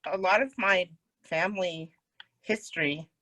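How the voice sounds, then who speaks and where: A woman's voice: fairly low pitch, unhurried, pushed and bright, no echo. A woman co-hosting a podcast, chatting casually with short replies and playful laughter. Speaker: podcast co-host. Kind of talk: casual chat.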